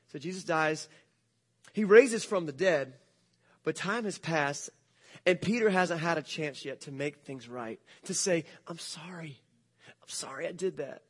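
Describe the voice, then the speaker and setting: A male pastor retelling a story to a church congregation, speaking in a casual, jokey, animated way. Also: high-pitched, breathy edge. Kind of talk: sermon storytelling.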